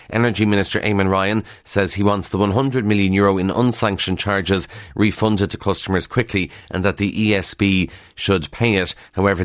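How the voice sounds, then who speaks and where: A man with a Kildare Irish accent talks through the day's newspaper headlines for radio in a very low voice. He keeps it brisk and chatty, dropping dry asides and the odd "uh" between items. The sound is close and dry, with no room around it. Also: no echo. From Ireland. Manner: brisk and conversational, dry asides, frequent "uh" fillers. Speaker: radio presenter reviewing the morning papers. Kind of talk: newspaper review with casual asides.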